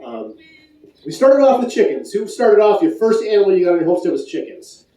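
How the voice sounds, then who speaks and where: A man's voice: sits high, big pitch swings, fairly quick, dark tone. A man from Michigan giving a playful, pun-filled talk at a conference, chatting with the audience. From Michigan, USA. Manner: punning, playful, chatty with the crowd. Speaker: conference speaker. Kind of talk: joking live talk to an audience. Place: conference hall. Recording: echoey hall from far off.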